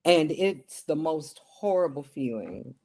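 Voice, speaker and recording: This middle-aged woman, a television broadcast journalist, talks slowly in a low-pitched, dark-toned and expressive voice. In the interview she sounds earnest and emphatic, restating her key points.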